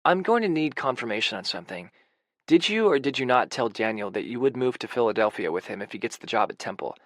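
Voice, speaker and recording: A man's voice: medium pitch, big pitch swings, fast talker, dry recording, studio quality. Man voicing a brassy, teasing young woman. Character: playful bold young woman, tattoo artist friend.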